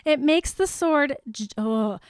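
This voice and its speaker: A woman's voice: high voice, slow, no room sound. A young woman, retelling a story as a podcast co-host in a giggly, playful way. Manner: giggly, playful, animated retelling with silly voices. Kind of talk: casual chat.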